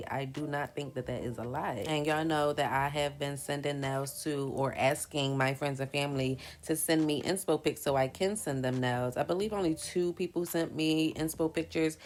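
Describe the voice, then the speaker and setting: A young woman with a low-pitched voice talks casually to her viewers as she makes press-on nails. Her speech is relaxed and colloquial, and she addresses the audience directly. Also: moderate pace, hardly any pauses. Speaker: nail business vlogger. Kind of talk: casual chat to viewers while doing nails.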